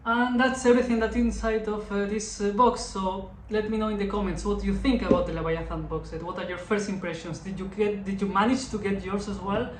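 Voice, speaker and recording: A woman's voice: mid-range voice, steady tone, fairly quick, hardly any pauses. A woman hosting her channel, giving casual unboxing commentary in a chatty way and often correcting herself. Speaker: channel host.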